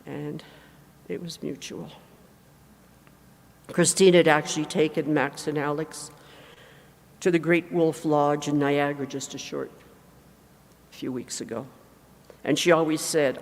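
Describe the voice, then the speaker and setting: An older woman, mother of the deceased, giving an emotional, halting eulogy with frequent self-corrections in a large hangar. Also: low-pitched, steady tone, creaky. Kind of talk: memorial eulogy. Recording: long reverb in a large hangar.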